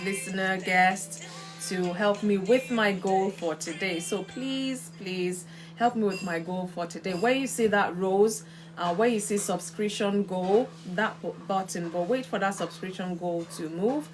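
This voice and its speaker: Woman, live-stream host, casual chat, medium pitch, greets viewers. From Nigeria. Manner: chatty, greets viewers by name. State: coughing from kitchen fumes.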